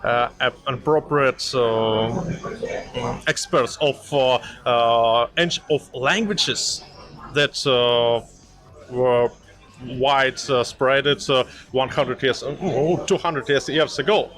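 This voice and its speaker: Man, slow, halting, many pauses and fillers. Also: mid-range voice, fairly bright tone, faint music behind. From Russia. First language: Russian. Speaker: podcast host. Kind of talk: casual chat.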